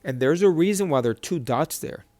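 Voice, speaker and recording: A man teaching a reading lesson at a board, patiently repeating each syllable slowly. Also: a little high, animated, darkish tone, no room sound. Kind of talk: whiteboard lesson.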